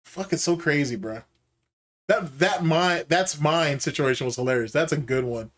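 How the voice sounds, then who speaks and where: A man hosting a live stream, reacting to gameplay clips with animated, laughing trash talk. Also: a little high, moderate pace. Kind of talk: casual live-stream commentary.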